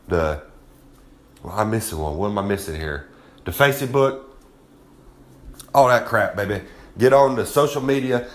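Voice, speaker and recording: A rowdy man with a drawl rambles through a brash wrestling promo. His voice sits at an ordinary pitch, loose and folksy, trading polish for swagger. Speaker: wrestler segment host. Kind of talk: brash promo-style monologue.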